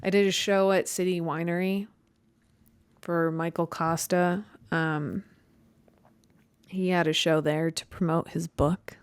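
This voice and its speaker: A woman's voice: fairly low pitch, level tone, takes it slowly, pauses often, smooth, no room sound. A young woman hosting her podcast, rambling in a self-mocking, conversational way with many fillers. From Chicago. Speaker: podcast host. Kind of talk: stream-of-consciousness monologue.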